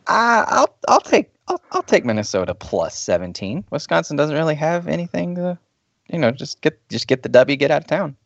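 A man's voice: a little high, lively intonation, vocal fry, no room sound. Playful guy on a sports podcast, bouncy voice, dry close sound. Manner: playful, halting. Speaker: podcast co-host. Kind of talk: casual sports chat. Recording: slightly dull lo-fi mic.

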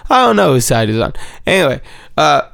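A man's voice: on the high side, very animated, brisk, gravelly, a bit bright, no room sound, clean studio sound. A man giving a casual, rambling episode recap, full of swearing and playful repetition.

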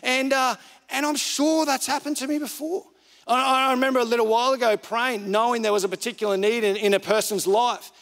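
Man, pastor, high voice, relaxed conversational sermon, lots of repeated phrases, long hall reverb. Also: a little fast.

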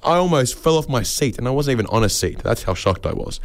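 A man's voice: a little fast, few pauses. A man with an Australian accent hosting a community radio show, delivering a joking monologue and bantering, often jumping up into other people's voices. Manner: animated, jokey, voices other people with big pitch jumps. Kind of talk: comic monologue and studio banter.

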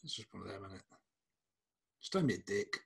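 A man's voice: low-pitched, lively intonation, brisk, vocal fry, slightly rough. A man co-hosting a casual podcast, teasing his partner and ranting with plenty of swearing. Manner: teasing, ranty, swears freely. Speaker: podcast co-host. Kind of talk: casual chat.

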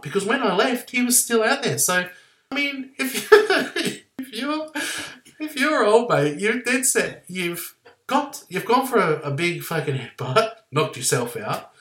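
A man's voice: medium pitch, a bit bright. An Australian man hosting a podcast, telling a rambling story full of laughs, fillers and swearing. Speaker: podcast host. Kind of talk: casual storytelling. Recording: echoey room, distant from mic.

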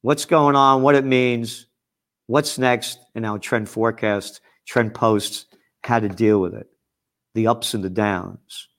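A man from the Bronx, hosting an angry, profane commentary monologue with frequent shouting. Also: lowish voice, steady tone, takes it slowly. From New York (the Bronx). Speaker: host and trend forecaster.

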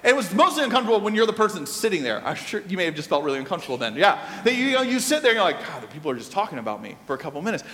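A male pastor preaching a sermon, telling a personal story in an animated, conversational way with asides to the congregation. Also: high-pitched, very fast, hardly any pauses. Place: church sanctuary. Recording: long reverb of a church hall.

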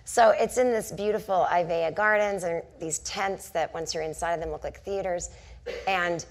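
Chatty woman in her forties, lowish voice. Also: fairly even intonation, normal speed. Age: 40s. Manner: chatty storytelling full of "like" and self-mocking asides. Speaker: comedian and author, guest. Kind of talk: onstage conversation, telling anecdotes. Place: stage before a live audience.

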